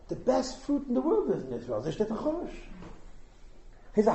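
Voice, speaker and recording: A man teaching at an informal Hasidic gathering, an animated storyteller who fires rhetorical questions and chuckles at his own asides. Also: sits high, moderate pace. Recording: echoey room.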